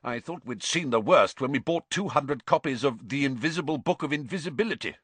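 A man voicing a flustered, impatient middle-aged bookshop manager who talks briskly and excitably, read for a storybook. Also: on the low side, no room sound. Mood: exasperated.

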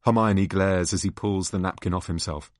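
A man with a very low voice reads stage directions in a plain, matter-of-fact way. The recording is dry and close, with no room sound. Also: steady tone, normal speed, no room sound. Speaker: narrator. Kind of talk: reading stage directions aloud.

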